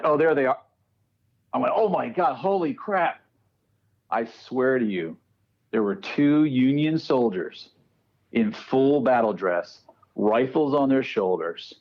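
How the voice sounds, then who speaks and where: A man's voice: on the low side, muffled recording. A man telling a ghost story in casual podcast chat, acting out what people said. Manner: animated storyteller acting out quotes. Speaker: guest paranormal researcher.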